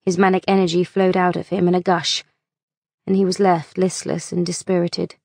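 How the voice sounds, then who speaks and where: A woman narrating an audiobook in a measured, unhurried reading voice on a close mic. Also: fairly low pitch, little pitch movement, darkish tone, no echo.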